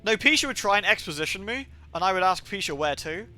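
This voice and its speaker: A man's voice: high-pitched, expressive, fast talker, bright, forceful tone. A man giving jokey, rambling commentary while he streams a game. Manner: jokey and rambling, playing with slang. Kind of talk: casual live-stream commentary.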